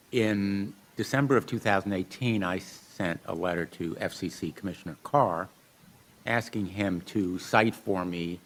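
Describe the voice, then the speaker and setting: A middle-aged man, a senator, pointedly questioning witnesses at a formal hearing. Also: low voice. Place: hearing room.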